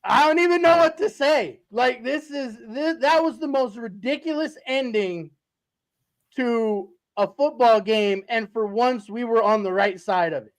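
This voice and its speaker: Breathless, stammering excited man. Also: very high-pitched, measured pace. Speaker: podcast co-host. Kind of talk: excited post-game chat.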